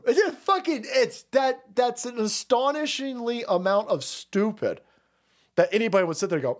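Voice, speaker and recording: A man's voice: very high-pitched, lively intonation, moderate pace. A man ranting on a livestream, profane and heated, with frequent stammering restarts. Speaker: streamer. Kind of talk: livestream rant.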